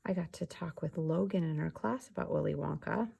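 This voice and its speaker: A young woman teaching a remote class for young children, slow, soft and patient, often dropping to a whisper. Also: sits low, gravelly, slightly rough.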